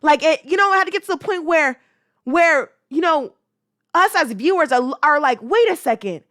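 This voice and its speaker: A woman's voice: high voice, expressive, normal speed, fairly bright tone, no room sound, studio quality. A young woman hosting a casual talk show, talking in a heated, emphatic way with slang and lots of repetition. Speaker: podcast host. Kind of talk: casual commentary.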